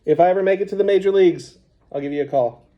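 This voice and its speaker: A man's voice: sits high, quick pace, muffled recording, voice pushed up, lightly acted. A man voicing an earnest young boy in an audiobook, speaking plainly in his own voice. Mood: friendly. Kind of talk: audiobook character voice.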